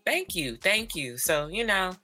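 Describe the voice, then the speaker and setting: A woman's voice: lowish voice, very animated, unhurried, bright, forceful tone, faint music behind. A woman from Northern California co-hosting a podcast in casual chat, slangy and laid-back, laughing often. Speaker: podcast co-host.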